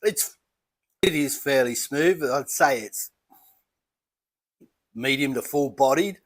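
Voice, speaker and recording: An Australian man reviewing beer in a casual home vlog, chatty and relaxed, talking as he eats and drinks. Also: mid-range voice, slow. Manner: relaxed, chatty, thinking aloud while eating and sipping.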